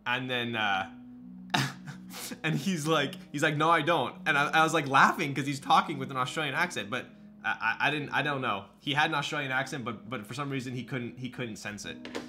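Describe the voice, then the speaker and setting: Man, live streamer, casual chat, bright tone, faint music behind. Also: medium pitch, normal speed. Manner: chatty, loose, reads and answers chat.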